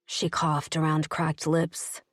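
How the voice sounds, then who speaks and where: A woman with a lowish voice reads an audiobook aloud in the first person, keeping her storytelling steady and even. The sound is close and dry, with no room around it. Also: slow, breathy edge, no echo. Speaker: audiobook narrator.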